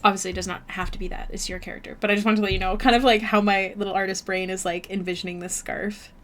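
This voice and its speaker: A Canadian-accented young woman streams her art from home, chatting casually with her viewers as she draws, bubbly and heavy on fillers. She speaks quickly and flatly in a mid-range, slightly bright voice, with a little hiss or hum in the audio.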